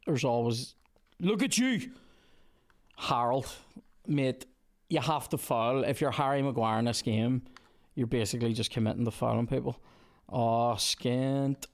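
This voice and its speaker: A Northern Irish man hosting a podcast, chatting casually and swearing in excited bursts while playing a football video game. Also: medium pitch. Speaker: podcast host. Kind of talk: casual gaming chat and commentary. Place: indoors with a small audience.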